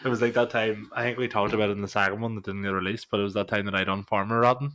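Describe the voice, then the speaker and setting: A man's voice: fairly low pitch, steady tone, very fast, fairly bright tone. A young man, co-hosting a podcast in casual chat, swearing freely and laughing often. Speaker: podcast co-host.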